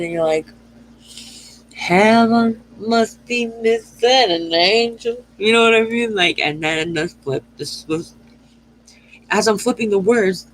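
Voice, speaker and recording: A woman's voice: low-pitched, slight background noise, poor audio. A woman talking straight to her viewers in a loose, channeled astrology reading. She wanders from thought to thought, stumbles over her own phrasing and restarts it, and swears without a second thought. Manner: rambling, profane, self-correcting. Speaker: astrology and tarot reader.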